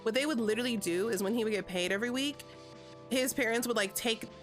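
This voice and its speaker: A woman's voice: on the high side, fast, faint music behind. A woman in her thirties telling a story on a livestream, chatty and profane, with a constant "like" between phrases. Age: 30s. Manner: chatty, profane, heavy filler "like". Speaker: vlogger. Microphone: streaming setup.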